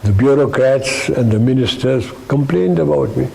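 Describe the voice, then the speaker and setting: A man's voice: medium pitch, normal speed, creaky, a little mellow, slight background noise, low-quality recording. An older man with an Indian English accent telling witty, dry anecdotes from his army career in an interview, acting out the people in his stories.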